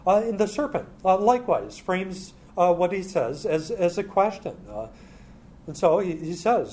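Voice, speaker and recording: A man working through a Bible passage, pausing constantly with filler sounds. His voice sits a little high for a man. Faint background noise stays under the speech. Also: big pitch swings, warm tone. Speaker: Bible teacher. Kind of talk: expository Bible teaching.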